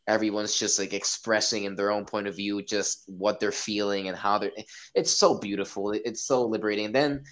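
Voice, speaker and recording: Podcast guest, male, lowish pitch, animated and profane. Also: rough recording. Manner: excited, swearing, acts out his own reactions. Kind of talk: casual podcast chat.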